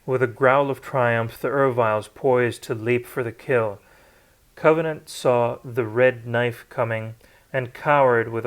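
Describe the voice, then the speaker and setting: A man reading a novel aloud, unrehearsed, with occasional slips and restarts. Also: mid-range voice. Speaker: audiobook narrator. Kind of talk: unrehearsed read-aloud narration.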